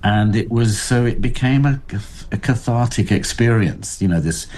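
An older man speaking as an interview guest, thoughtful and halting, with frequent restarts. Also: mid-range voice, a little mellow, slight background noise. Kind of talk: reflective interview talk.

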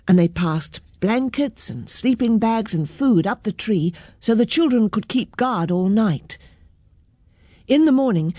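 A woman reading a children's picture book aloud in a gentle, clear storytelling manner. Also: mid-range voice, no echo, studio quality.

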